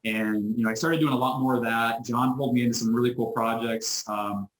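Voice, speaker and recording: A man being interviewed over a video call, telling a story in a lively way, acting out the people he quotes and often restarting his sentences. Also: mid-range voice, a little fast. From United States. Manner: animated storyteller who acts out quoted voices, frequent restarts. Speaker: interview guest, business owner. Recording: roomy echo.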